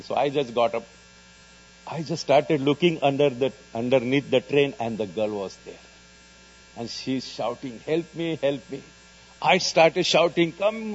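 Man, Indian English accent, evangelist, personal testimony, earnest storyteller, lowish voice, muffled lo-fi sound. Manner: earnest storytelling, bursts loud and high on dramatic moments. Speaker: evangelist preaching in jails. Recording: dull lo-fi recording with faint mains hum.

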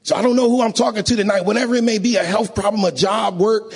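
A man preaching a sermon in a church, emotional and rising to sing-song shouts, often asking the congregation to agree. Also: high-pitched, steady tone, fast talker, husky. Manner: call-and-response, asks audience to agree.

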